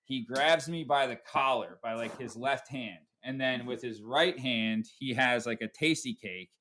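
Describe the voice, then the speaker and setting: A man's voice: mid-range voice, measured pace, pushed and bright, slight background noise. A man hosting a podcast, telling a story casually and profanely, tagging lines with "right?". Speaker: podcast host.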